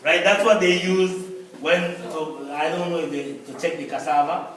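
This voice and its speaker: A man teaching a class, patiently explaining objects and repeating words slowly for his students. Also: fairly high pitch, fairly even intonation, a bit bright. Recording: echoey room, mic far off. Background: class chatter.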